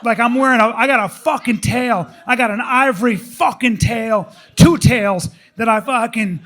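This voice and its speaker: A man hosting a live podcast on stage, ranting in an excitable, profane, rambling way. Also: very high-pitched, moderate pace. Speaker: podcast host.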